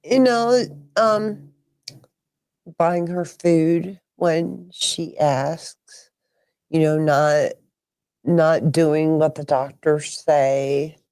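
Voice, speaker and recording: A woman's voice: low-pitched, very slow, a little mellow, smooth. A woman co-hosting a podcast, reading listener letters aloud and giving brief reactions. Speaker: co-host reading listener questions. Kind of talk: casual podcast chat.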